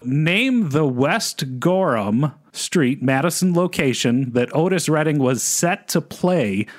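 A man's voice: fairly high pitch, expressive, slow. A man co-hosting a podcast, chatting casually and reading quiz questions in a polished radio voice, laughing often. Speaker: podcast co-host and quiz master. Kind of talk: casual chat.

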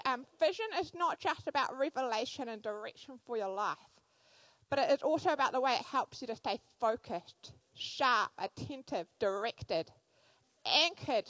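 A woman in her thirties, a church speaker giving a sermon, telling animated personal stories with frequent fillers. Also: a little high, no echo, poor audio.

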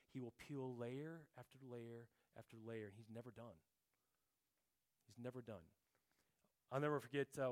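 A middle-aged man gives a heartfelt testimony in church with a mid-range voice. He speaks earnestly, often dropping into a soft, quiet tone and sometimes repeating words while searching for a phrase.

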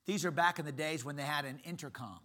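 A middle-aged male pastor with a bright, forceful voice that sits a little high for a man. He preaches in an animated, emphatic way, telling stories to make his points. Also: fast. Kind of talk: sermon.

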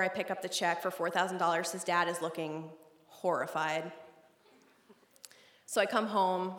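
Animated woman storyteller in a roomy hall. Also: lowish voice. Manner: animated, comic, swings between hushed and loud. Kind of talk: live personal storytelling. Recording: roomy hall with background noise.

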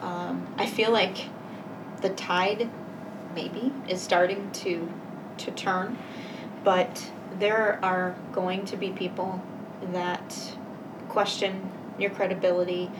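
A woman guest telling her personal story in a conversation, earnest and halting, pausing to reflect. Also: fairly low pitch, little pitch movement. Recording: voice a bit far from mic, faint noise.

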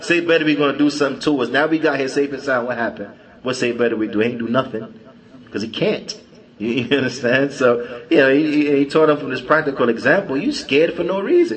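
A man's voice: fairly high pitch, fairly bright tone, poor audio. A man giving a conversational religious lecture at a mosque. He tells a story and often stalls, restarting and repeating words. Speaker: religious class teacher.

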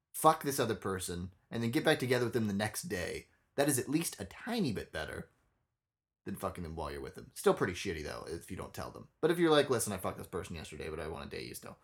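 Blunt, profane young man venting. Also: lowish voice. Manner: profane, blunt, animated storytelling. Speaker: podcast co-host. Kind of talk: casual podcast chat.

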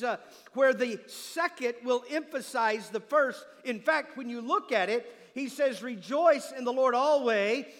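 A pastor preaching an emphatic sermon who calls out for an "Amen" from the congregation. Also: male voice, very high-pitched, a bit bright, long reverb tail. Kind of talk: sermon with live demonstration. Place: church sanctuary.

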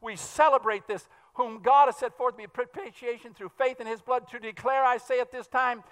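A man preaching a sermon in a fast, fervent style, pressing his points with bursts of emphasis. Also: very high-pitched, fairly even intonation, fairly bright tone, clear, resonant tone. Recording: long hall reverb.

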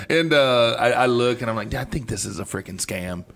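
A man's voice: mid-range voice, very animated, measured pace, a bit bright. A man co-hosting a casual radio chat show, telling stories animatedly and acting out both sides of phone calls. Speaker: co-host. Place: radio studio.

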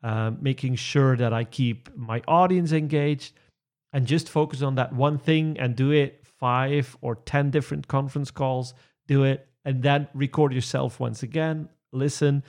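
A man's voice: mid-range voice, steady tone, unhurried, darkish tone. A man who coaches presentations, chatting in a podcast conversation with many fillers, restarts and chuckles. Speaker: presentation trainer.

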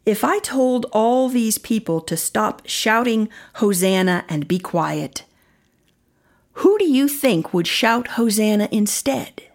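A woman reading the lines of Jesus, a calm grown man, in a patient questioning way in a children's story. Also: fairly high pitch, slow pace.

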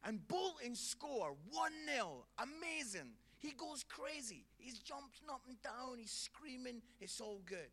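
Lively Scottish man doing stand-up. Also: very high-pitched, slow pace, few pauses. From Scotland. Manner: chatty storytelling, keeps checking in with the audience. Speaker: stand-up comedian. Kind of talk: stand-up comedy routine.

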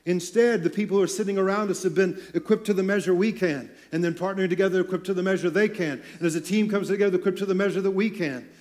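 A man's voice: high-pitched, fairly even intonation, fast, few pauses, darkish tone. A man preaching a sermon on stage in a church, talking in a loose, conversational way with joking asides. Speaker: pastor.

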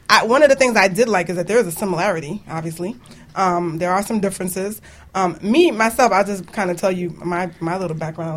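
A woman's voice: medium pitch, fairly bright tone. A woman hosting her own radio talk show, chatting casually and animatedly, laughing often between points.

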